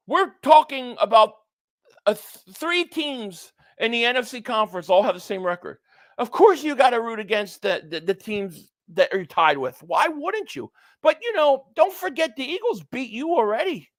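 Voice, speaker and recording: A man hosting a live stream, reacting to a football game and reading viewer chat messages aloud, sometimes shouting at plays. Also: very high voice, big pitch swings, normal speed, no echo. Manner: reads viewer super chats, shouts at plays.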